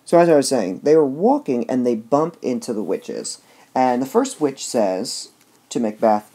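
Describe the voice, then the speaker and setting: This man's mid-range voice is warm and animated, moving a little slowly. His casual lecture reviews a play, breaking it down step by step, full of filler words and repeated "all right"s.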